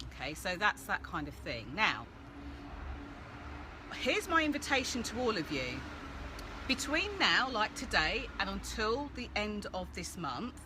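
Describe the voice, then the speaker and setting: A woman hosting a casual live-stream Q&A, chatty and animated, greeting viewers by name as she gives coaching tips. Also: lowish voice, measured pace. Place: outdoors-adjacent room with street noise. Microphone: phone or laptop live stream. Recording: faint background street noise.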